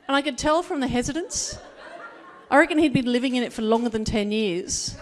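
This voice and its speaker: A woman's voice: a little high, lively intonation, quick pace. A woman with an Australian accent doing a chatty stand-up comedy set, slipping into quoted voices. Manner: chatty storytelling with put-on voices. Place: comedy gala stage.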